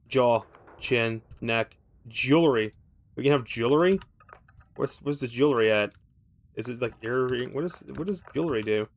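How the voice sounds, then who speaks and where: A male streamer talking through a game in casual commentary, full of loose, profane rambling. His pitch sits in an ordinary middle range, and he tosses off dry jokes at his own expense as he goes. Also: a little slow. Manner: rambling, profane, thinking aloud; wry, self-mocking asides.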